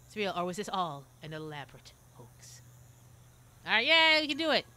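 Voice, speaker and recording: A woman streaming a game live, reading its dialogue aloud and reacting in an animated, jokey way, squealing and whispering when scared. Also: medium pitch, moderate pace.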